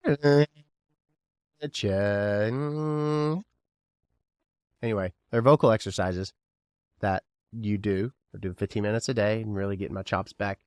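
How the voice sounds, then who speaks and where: This solo podcast host, a man from Kentucky, talks briskly in a steady, lowish voice with no echo. His casual chat meanders through jokes and rapid questions aimed at the listener.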